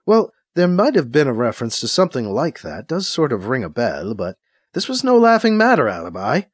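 A man's voice: mid-range voice, huge pitch swings, fairly quick, dry recording, clean studio sound. A man reading an audiobook, voicing a solemn older woman who was once a leader, guarded and sighing. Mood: grave. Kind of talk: audiobook character voice.

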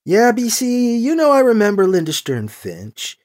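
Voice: mid-range voice, huge pitch swings, a little mellow, voice pushed up. Narrator doing a brash, hot-tempered young woman. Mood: angry. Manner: quick-tempered, swears, teasing.

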